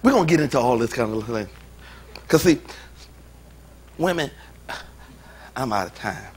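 A man's voice: mid-range voice, animated, normal speed, a little mellow, slightly rough. A pastor preaching a sermon in a joking, informal way, often laughing as he talks. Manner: informal, colloquial speech.

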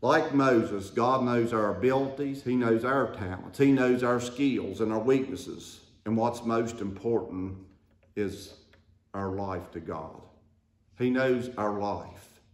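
Preacher in a roomy church. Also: male voice, mid-range voice. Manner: call-and-response preaching, rising to emphatic declarations. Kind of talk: sermon. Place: church sanctuary.

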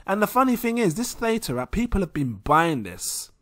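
Excitable, giggly young Englishman vlogging. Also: sits high, normal speed, no echo, studio quality. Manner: excitable, giggly, rambling, self-mocking. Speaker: crypto vlogger. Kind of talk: casual screen-share commentary.

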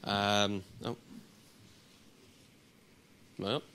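A man's voice: on the low side, little pitch movement, extremely slow, bright, forceful tone, slight background noise. Man with a sick, nasal voice. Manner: hesitant, many ums and restarts. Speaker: conference speaker giving a lightning talk. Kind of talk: casual conference talk. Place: conference room with audience.

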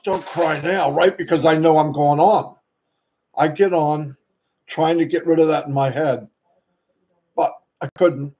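A man hosting a casual livestream, excitable and greeting viewers by name. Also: fairly high pitch. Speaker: livestream host. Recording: dull lo-fi sound, faint noise.

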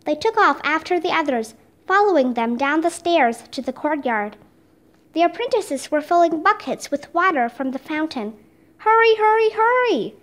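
Woman, children's chapter book reading, expressive narration, high voice, lively pitch. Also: moderate pace. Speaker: storybook reader.

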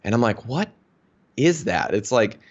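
A man in his thirties from Minnesota, a health practitioner, is a guest in a casual interview, speaking a little slowly in a mid-range voice. He tells a story with animation and performs the quoted dialogue himself. The audio is dull and lo-fi.

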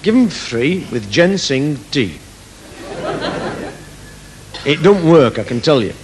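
A man's voice: on the high side, sing-song, slow, background noise. A man doing stand-up comedy on a theatre stage, rambling through a story and laughing at his own jokes.

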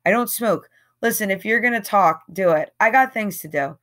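A woman's voice: medium pitch, normal speed, fairly bright tone, voice pushed up, close to an everyday voice. A woman reading as a curt, impatient young woman. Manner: blunt, clipped, impatient.

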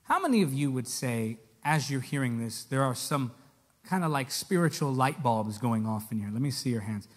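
A man's voice: mid-range voice, lively intonation, moderate pace. A man preaching a sermon to a live congregation, direct and emphatic, pressing his points with rhetorical questions. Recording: echoey hall with long reverb.

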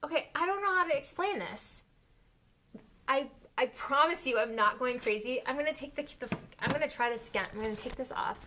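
A woman who owns an art studio, excitedly demonstrating a craft technique on a live stream, gasping and delighting at the results. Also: high voice, fairly quick, slight background noise. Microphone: phone or camera on live stream.

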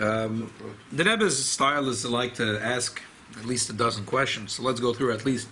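A man, a rabbi, giving a classroom Torah lecture in an animated, emphatic way, often repeating key phrases. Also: mid-range voice, moderate pace, a little hiss or hum. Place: study hall classroom.

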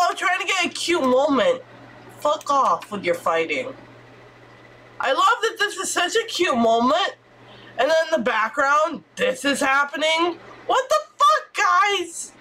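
A woman streamer giving excitable let's-play commentary, squealing and swearing as she reacts. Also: high voice, unhurried.

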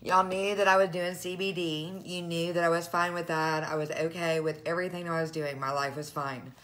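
A woman's voice: lowish voice, little pitch movement, a little fast, fairly bright tone. A woman in her thirties chatting to her followers while teary and crying, laughing through her tears. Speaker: direct sales vlogger. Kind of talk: emotional casual live chat.

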